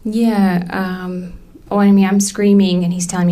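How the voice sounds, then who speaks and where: A woman in her thirties testifying in a courtroom, halting and full of ums as she recounts what happened. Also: lowish voice, flat delivery, dark tone. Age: 30s. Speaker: trial witness.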